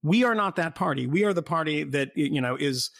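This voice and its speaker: A man's voice: fairly high pitch, animated, a little fast, gravelly, a bit bright, no echo, clean studio sound. A man in casual political chat, rambling and sardonic, often breaking into laughter.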